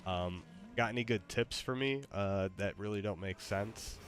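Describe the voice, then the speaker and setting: A man's voice: on the low side, a little slow, soft background music. A man casually commenting while playing a game, rambling with fillers. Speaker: streamer.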